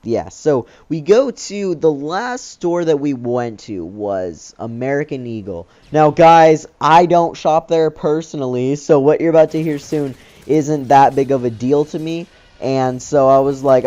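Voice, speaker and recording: A man's voice: fairly high pitch, expressive, normal speed, warm tone. A man casually telling a childhood story over game commentary, rambling with lots of fillers. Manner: rambling, loose, filler-heavy talk. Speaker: gaming channel host.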